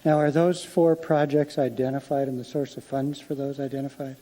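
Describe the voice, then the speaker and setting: A man examining a witness at a formal hearing, asking methodical, slightly halting questions. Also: mid-range voice, flat delivery, warm tone, rough recording. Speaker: attorney. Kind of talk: courtroom examination. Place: hearing room.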